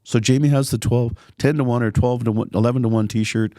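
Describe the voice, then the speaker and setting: Raspy middle-aged councillor, easygoing and joking, mellow dark tone, dry close sound. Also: male voice, medium pitch, steady tone, fairly quick, no room sound. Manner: easygoing, joking, talks in loose rambling phrases. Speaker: city councillor and podcast guest. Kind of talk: casual podcast interview.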